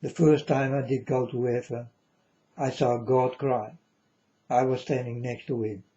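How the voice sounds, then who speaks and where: Man, slow halting delivery, mellow dark tone, solemn, repeats himself, muffled low-fi recording. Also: steady tone. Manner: solemn, halting, repeats phrases, sometimes loud. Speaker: self-styled prophet. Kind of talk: religious monologue to viewers.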